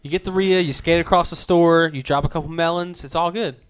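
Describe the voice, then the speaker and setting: A man's voice: on the high side, steady tone, brisk, clean tone. A man chatting casually on a podcast, throwing in jokey remarks. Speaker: podcast guest. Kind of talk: casual chat.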